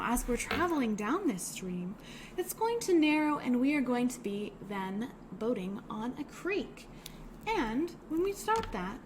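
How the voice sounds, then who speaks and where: A woman's voice: on the high side, a little hiss or hum. A young woman leading a children's storytime, talking and singing in a cheerful, encouraging sing-song.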